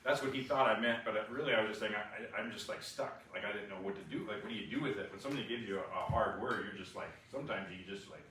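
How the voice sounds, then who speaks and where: A man sharing a personal testimony, animated and restless, full of fillers and restarts. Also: lowish voice, fast talker, few pauses. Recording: echoey room, far from the mic, faint noise.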